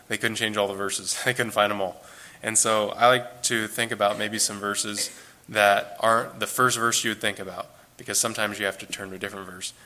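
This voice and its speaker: A man's voice: on the low side, pushed and bright. A man giving an informal, earnest Bible teaching, talking conversationally and repeating phrases for emphasis.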